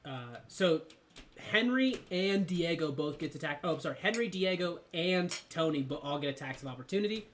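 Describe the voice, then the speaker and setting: A man's voice: fairly high pitch, animated, brisk, fairly bright tone, slight background noise. A man running a tabletop game as game master, talking loosely with plenty of ums and uhs. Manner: loose and chatty, lots of ums and uhs, breaks into laughter.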